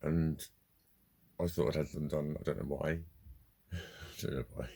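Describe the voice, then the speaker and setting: Very deep, gravelly, sweary man. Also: steady tone, measured pace, long pauses, mellow. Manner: sweary, heated storytelling with laughs. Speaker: vlogger. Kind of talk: casual ranting monologue.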